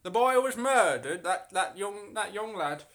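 A man voicing a gruff, grumbling male blacksmith with a northern English accent. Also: high voice, expressive, measured pace, fairly bright tone, voice pushed up, exaggerated voice. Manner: put-on villager voice, rambling.

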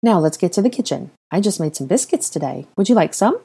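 A woman voicing a warm, motherly older woman who coaxes and reassures, in a fan fiction audiobook. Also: fairly low pitch, animated, fast talker, vocal fry, breathy edge, heavily acted. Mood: coaxing. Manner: gentle, coaxing, reassuring.

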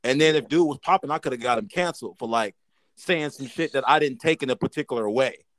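A man co-hosting a podcast in casual chat, riffing through hypotheticals in an animated, profane way. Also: medium pitch, fast talker, no echo, poor audio. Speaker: podcast co-host.

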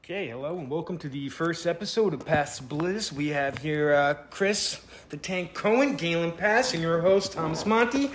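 A man's voice: on the high side, expressive, moderate pace, few pauses, a little hiss or hum. A young man hosting a casual podcast chat, teasing his guests and laughing often. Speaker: podcast host.

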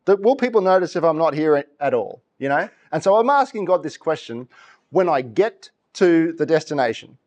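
A man's voice: fairly high pitch, moderate pace. A middle-aged man preaching a sermon, telling stories with laughs and acted-out voices. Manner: animated storytelling, laughs often, acts out voices. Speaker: pastor.

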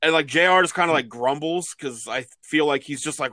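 A man's voice: a little high, fairly quick, bright, forceful tone, no room sound. Chatty man with a dry close sound. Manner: rambling, laughing while retelling. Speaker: podcast co-host. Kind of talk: casual chat.

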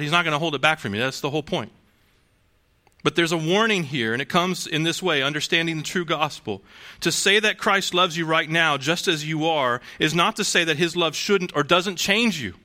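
Bright-voiced man preaching conversationally. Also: high-pitched. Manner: conversational preaching with rhetorical questions and restarts. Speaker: pastor. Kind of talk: sermon.

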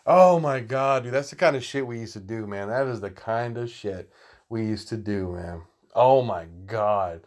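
A man's voice: on the low side, normal speed. Profane rambling man telling stories. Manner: profane, rambling, animated, laughing asides. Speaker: storyteller. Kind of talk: casual storytelling monologue.

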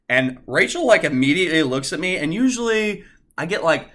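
A young man hosting his own podcast from his apartment, telling a story in a casual, animated and very profane way, sometimes calling himself by a nickname. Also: on the high side, normal speed. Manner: animated, profane, talks about himself in third person. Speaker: podcast host.

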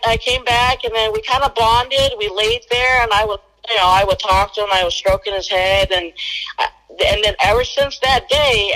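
Bright-voiced woman telling a story. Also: on the high side, rough recording. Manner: acts out quoted dialogue. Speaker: guest. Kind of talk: casual storytelling.

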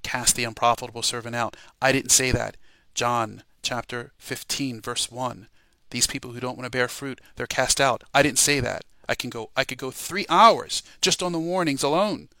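A man delivers a fiery warning sermon with a gravelly, bright-edged voice. He exhorts and repeats, urging listeners to pray and repent. The sound is dry and close. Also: medium pitch, steady tone, moderate pace, no echo. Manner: urgent, repetitive, exhorting. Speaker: preacher. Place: home, podcast voice message.

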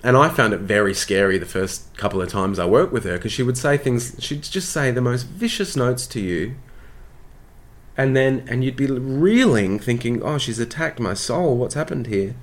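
An actor from Tasmania with an Australian accent, chatting through anecdotes in a casual, self-deprecating way during an interview. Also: male voice, medium pitch, animated, moderate pace.

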